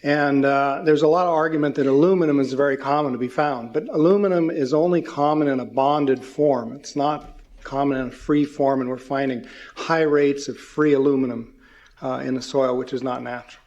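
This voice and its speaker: A man explaining in detail, pausing on fillers. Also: mid-range voice, steady tone, a little mellow, muffled recording.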